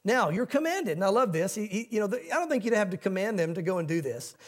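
A middle-aged man preaching a sermon as a pastor, talking in a relaxed, folksy way. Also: high voice, fast talker. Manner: conversational, folksy preaching with quoted voices.

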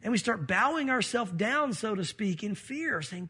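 A man's voice: sits high, animated, normal speed, few pauses, sharp tone, breathy edge. A man preaching a sermon, explaining scripture and acting out the quoted voices of the people in the story. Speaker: pastor.

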